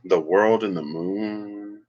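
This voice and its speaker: A man's voice: lowish voice, slow pace, highs cut off, noisy background. A man giving a casual solo tarot reading and rambling as he thinks aloud. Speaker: tarot reader.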